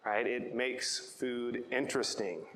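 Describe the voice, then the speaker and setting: A man's voice: mid-range voice, fairly even intonation, slow, fairly bright tone, echoey room, big-room sound, slight background noise, poor audio. A man preaching a sermon, telling a personal story in a chatty way and often asking "right?". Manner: conversational storytelling, repeats words, asks "right?". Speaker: pastor.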